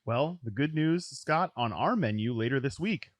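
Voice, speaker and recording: A man hosting a casual sports podcast, talking in quick bursts with frequent restarts and "right?" tags. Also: mid-range voice, animated, no room sound. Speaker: podcast host. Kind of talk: casual fantasy football chat.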